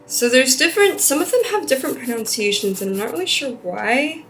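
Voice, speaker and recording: Young woman, casual vlogger, curious and chatty, slightly high voice, echoey room. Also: very animated, fairly quick, fairly bright tone, a little hiss or hum. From United States. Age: 20s. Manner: chatty, curious, laughs at herself. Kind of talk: casual language-learning vlog. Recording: roomy sound with faint background music.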